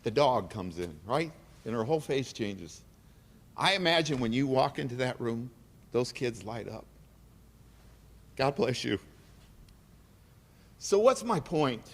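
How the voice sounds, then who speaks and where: A man's voice: medium pitch, sing-song, normal speed. Earnest man speaking in a hall. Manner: earnest, emotional, repeats phrases for emphasis. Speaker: keynote speaker. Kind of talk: inspirational dinner speech. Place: large banquet hall. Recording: reverberant banquet hall.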